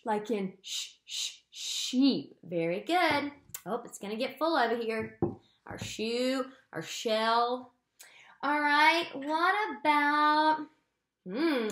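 A woman teacher giving a playful phonics lesson to young children, sounding out letter sounds slowly. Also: fairly high pitch, reverberant.

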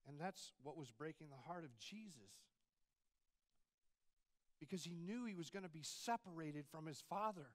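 A man's voice: on the high side, animated, normal speed, pauses often. A man preaching a sermon as campus pastor, in a conversational style with frequent rhetorical asides to the congregation.

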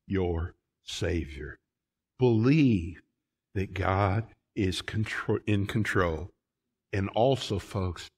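Folksy pastor preaching. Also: male voice, on the low side. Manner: preaching with rising fervor, folksy asides. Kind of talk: sermon. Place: church sanctuary.

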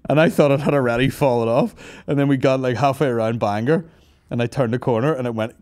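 A man's voice: medium pitch, normal speed, a little mellow, no room sound, clean studio sound. A Northern Irish man hosting a podcast, telling a rambling comic story, swearing a lot and laughing often, hungover and tired. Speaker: podcast host. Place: office.

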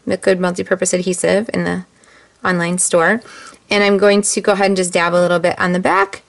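A woman demonstrating a card-making craft step by step, chatty and relaxed, with frequent ums. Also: fairly low pitch, brisk, creaky. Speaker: stamping demonstrator. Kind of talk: casual craft tutorial.

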